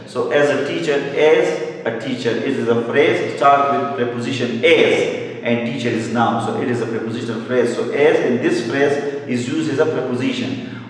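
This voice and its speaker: A male English teacher giving a grammar lecture, explaining slowly and repeating key words, with brief Hindi glosses. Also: medium pitch. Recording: echoey hall, mic far off.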